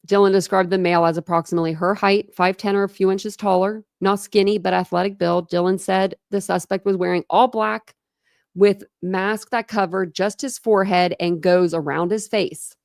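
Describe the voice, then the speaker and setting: A woman's voice: mid-range voice, steady tone, normal speed, vocal fry, no room sound, studio quality. A young woman hosting a true crime channel, reading court documents aloud and breaking off into chatty commentary full of "like" fillers.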